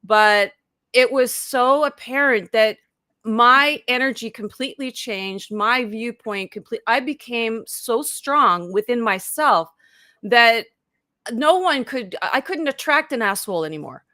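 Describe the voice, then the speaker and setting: Woman, 50s, life coach, bright tense voice, fairly high, chatty storytelling, video call. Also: expressive, unhurried, no echo, clean studio sound. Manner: chatty, full of "like", acts out her own past thoughts in quotes. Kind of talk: casual live interview storytelling.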